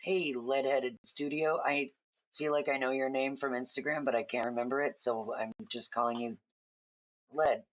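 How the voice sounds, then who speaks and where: A woman's voice: very deep voice, level tone, brisk. A woman hosting a casual livestream from home, chatting in a rambling, friendly way to viewers while she colors. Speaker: livestream host.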